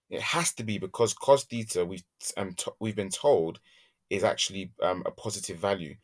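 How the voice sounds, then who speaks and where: A man works through a maths lesson in a low voice, talking slowly and deliberately. He thinks aloud as he goes and hums quietly to himself while sketching graphs. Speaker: maths teacher. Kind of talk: worked-example maths lesson.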